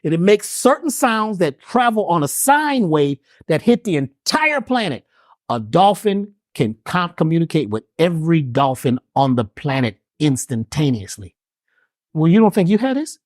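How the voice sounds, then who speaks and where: A man's voice: a little high, very animated, normal speed, no room sound, studio quality. A man being interviewed who teaches in an emphatic, preacherly way, firing off rhetorical questions and slang. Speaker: guest, spiritual healer and herbalist.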